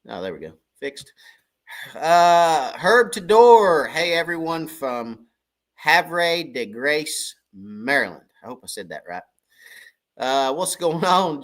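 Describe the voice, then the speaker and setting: A middle-aged man, hosting a casual fishing livestream in a folksy, rambling way and greeting viewers by name. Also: a little high. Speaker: fishing channel livestream host.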